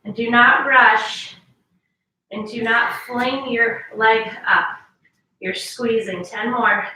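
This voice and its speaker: Woman fitness instructor, slightly high voice, coaching reps, recorded from a distance in an echoey room. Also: steady tone, slow, sharp tone. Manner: coaching, counts reps, urges squeezing. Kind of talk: workout instruction.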